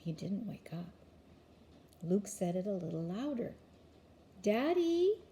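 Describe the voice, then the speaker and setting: An older woman, a grandmother, gently reading a picture book aloud to a child with chatty asides. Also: fairly low pitch, a little slow.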